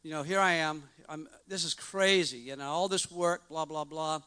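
A man's voice: on the high side, fairly even intonation, moderate pace, pushed and bright, clean tone. A middle-aged man giving a personal testimony to a church congregation, earnest and rambling, with frequent restarts and fillers.

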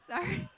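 In a church, a thirtysomething woman from Australia gives a relaxed, conversational sermon in her Australian accent, her voice a bit bright. She laughs a lot and makes jokes at her own expense.

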